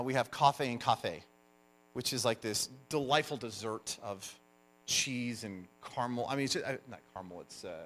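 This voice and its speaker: A man preaching a sermon, telling stories with animated emphasis as the pastor. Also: mid-range voice. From United States. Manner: animated storyteller, lively emphasis.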